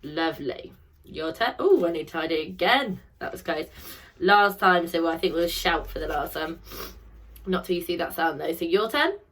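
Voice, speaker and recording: A woman's voice: on the low side, animated, normal speed. Sing-song woman teaching phonics. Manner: bright sing-song praise, call-and-response drilling. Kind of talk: recorded phonics lesson for children.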